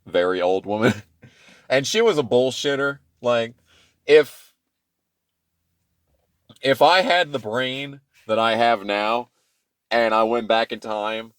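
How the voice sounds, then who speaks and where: A man in his twenties telling childhood stories in a casual, profane, rambling way, swinging between loud rants and low mutters. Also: smooth, no room sound. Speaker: channel host. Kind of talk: casual storytime monologue.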